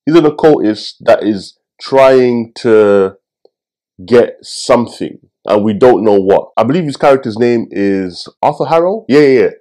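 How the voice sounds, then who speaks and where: Young male reviewer, deep-ish warm tone, casual ranting with cheeky asides. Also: a little slow. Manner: animated, swearing, jokey asides. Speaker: film review host.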